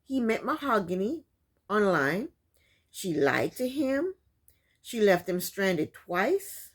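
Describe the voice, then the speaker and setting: A woman's voice: mid-range voice, sing-song, slow, husky. Sassy chatty woman recapping a show. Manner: chatty, laughs often, sassy. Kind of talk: casual recap chat.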